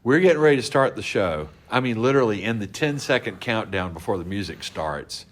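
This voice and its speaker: A deep-voiced man speaks as a podcast guest, unhurried and anecdotal. He recounts backstage moments with an easy storyteller's rhythm. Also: animated, a little hiss or hum. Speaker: guest, convention organizer. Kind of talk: casual storytelling interview.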